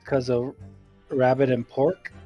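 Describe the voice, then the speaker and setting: A man's voice: mid-range voice, little pitch movement, takes it slowly, highs cut off, soft background music. A man chatting casually and playfully confused, laughing often. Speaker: co-player. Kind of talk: casual chat while voice-acting a game.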